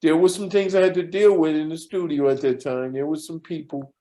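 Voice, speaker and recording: An older man from New York telling his life story in an interview, lively and easily moved to emotion. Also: on the high side, a little fast. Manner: lively storyteller who acts out quoted dialogue; gets emotional when speaking of his mentor. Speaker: interview guest.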